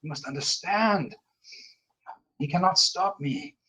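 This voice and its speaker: A man's voice: high-pitched, takes it slowly, bright, forceful tone, breathy edge, pitched above the performer's own voice, exaggerated voice. A man voicing a rescued captive with a French Canadian accent, pleading, then muttering in whispers.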